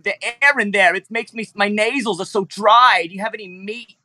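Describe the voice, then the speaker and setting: A man's voice: high-pitched, fairly quick, bright, forceful tone, no echo, voice pushed up. A man doing a whiny, nasal pet T-Rex. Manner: whiny, complaining, kvetching. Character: fussy hungry male pet T-Rex.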